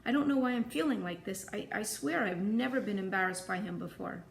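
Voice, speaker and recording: A woman's voice: medium pitch, normal speed, roomy sound, slight background noise, lightly acted. A woman reading aloud, voicing a tearful, ashamed teenage girl who pleads through sobs. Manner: sobbing, pleading.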